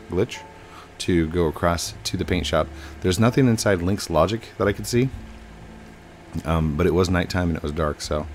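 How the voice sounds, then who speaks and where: A man's voice: deep voice, slight background noise. A young man hosting a gaming video, chatting casually over his gameplay with frequent ums and uhs. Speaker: gaming channel host.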